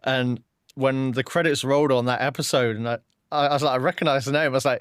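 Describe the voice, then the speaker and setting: A man's voice: mid-range voice, fairly even intonation, fast, clear, resonant tone, no room sound, clean studio sound. A man hosting a podcast in casual chat, hesitant, with stumbling restarts. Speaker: podcast host.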